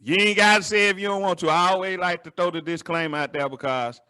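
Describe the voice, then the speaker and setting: High-voiced Southern talk show host. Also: male voice, fairly even intonation, fast talker, pushed and bright, clear, resonant tone. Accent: Southern American. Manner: earnest, conversational, preachy asides. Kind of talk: casual interview conversation.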